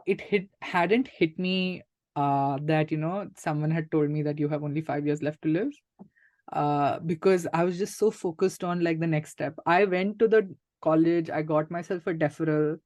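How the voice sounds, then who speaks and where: A man's voice: a little high, a little mellow, dry recording, studio quality. Plain-spoken man in his thirties. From India. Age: 30s. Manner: reflective and matter-of-fact, many "like" and "uh" fillers. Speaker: guest. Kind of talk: candid interview conversation.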